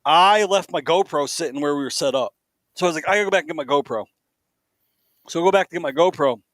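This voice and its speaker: A man's voice: a little high, quick pace, no echo. A man co-hosting a podcast, telling a story in casual chat and acting out the quoted voices. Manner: animated, acts out quoted voices. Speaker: podcast co-host.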